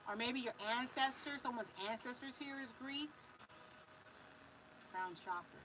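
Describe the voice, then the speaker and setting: A Californian woman giving a live spiritual reading in a loose, animated way, drawing words out, humming and affirming between messages. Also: high voice, brisk, noisy background. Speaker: spiritual reader.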